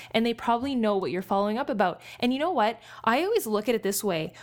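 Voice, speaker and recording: A woman business coach giving a coaching talk, speaking fast and energetically in a chatty way. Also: medium pitch.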